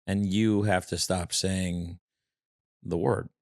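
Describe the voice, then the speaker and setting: A man's voice: low voice, steady tone, takes it slowly, a little mellow, dry recording, studio quality. A man hosting a podcast in casual chat, teasing and skeptical with his guest. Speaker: podcast host.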